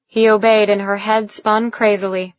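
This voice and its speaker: Casting: woman romance audiobook narrator, unhurried, dry close mic, dull lo-fi sound. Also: mid-range voice, no echo. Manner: slow, even storytelling. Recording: dull, lo-fi recording.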